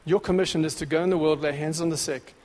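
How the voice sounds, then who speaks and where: A man with a notably high voice preaches with punchy, repetitive exhortation. His phrases stack up and swell toward excitement. The sound rings with the long reverb of a big hall. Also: quick pace. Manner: grows louder and more excited. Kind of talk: sermon.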